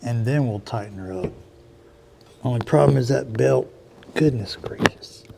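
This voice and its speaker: There's vocal fry in this man's medium-pitched voice, delivered at normal speed over a noisy background. He's a DIY car repair vlogger rambling folksily as he works on a car outdoors, keeping it a casual workshop chat.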